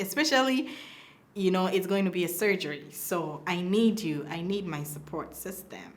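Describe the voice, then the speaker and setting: A young woman telling a personal story in a casual way, acting out the voices of the people she quotes. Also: moderate pace. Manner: animated, acts out quoted dialogue with big pitch swings. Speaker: mother telling her birth story.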